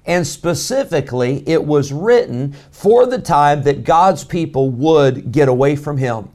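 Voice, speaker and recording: A man, preaching a sermon as pastor, rising loud on key lines and dropping to a low hush for emphasis. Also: lively intonation, unhurried. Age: 40s.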